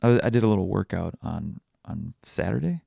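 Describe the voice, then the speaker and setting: A man's voice: deep voice, animated, normal speed, vocal fry, mellow, dry recording, studio quality. A young man hosting a podcast, telling candid, self-deprecating stories in a confessional, casual way. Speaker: podcast host. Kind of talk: casual personal podcast talk.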